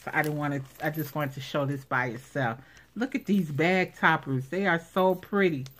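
A woman's voice: sits low, moderate pace. A woman vlogger unboxing craft supplies in casual commentary, gushing and exclaiming over each item. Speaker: craft vlogger showing giveaway prize.

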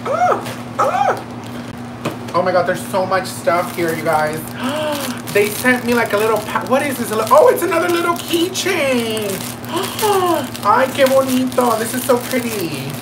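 A woman beauty vlogger chatting through a makeup unboxing, campy and excitable, gasping, squealing and tossing in slangy asides at home. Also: a little high, moderate pace, background noise. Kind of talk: casual makeup unboxing chat.

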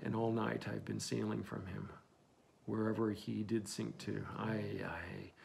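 A man's voice: lowish voice, level tone, unhurried, creaky, a little mellow, voice pushed down. A man reading an old one-legged whaling captain's lines in a brooding, solemn audiobook delivery. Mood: grim.

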